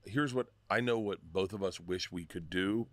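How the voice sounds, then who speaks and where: A man telling stories in a casual podcast chat, animated and often laughing. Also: low-pitched, normal speed, dry recording.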